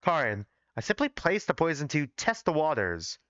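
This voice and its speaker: A man's voice: on the high side, very animated, moderate pace, fairly bright tone, no echo. A man voicing a bratty, smug rich girl while reading his own story aloud on a dull, lo-fi stream mic. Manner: smug, taunting.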